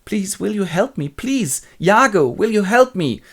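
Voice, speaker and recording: A man voicing a young woman, Desdemona, in a high plaintive voice for a toy-figure retelling of a play. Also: a little fast, darkish tone, lightly acted. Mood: pleading.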